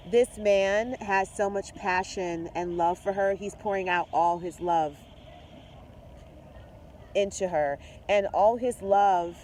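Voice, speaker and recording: An effusive tarot reader talks straight to the viewer in a casual reading. The voice sits mid-pitch with a mellow, rounded tone. Faint noise hums behind it. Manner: mixes spiritual talk with swearing and slang.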